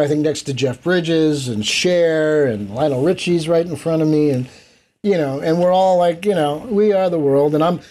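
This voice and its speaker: A man with a mellow, slightly raised voice recounts a backstage memory as an interview guest. He talks animatedly, slipping into quoted voices of other people and of himself as the story unfolds. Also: fairly high pitch. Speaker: interview guest, event producer.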